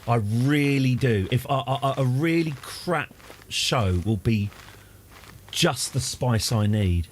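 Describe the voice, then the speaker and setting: A man's voice: medium pitch, lively intonation, slow pace, slight background noise. A man in his forties with an English accent, chatting casually and wryly while streaming a game live, rambling off on tangents and answering his chat. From England.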